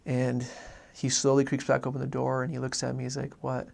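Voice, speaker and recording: A man recounting a faith story from his missionary days, earnest and halting, often restarting his sentences. His voice is gravelly with a flat, level pitch. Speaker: former missionary. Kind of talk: personal faith testimony story.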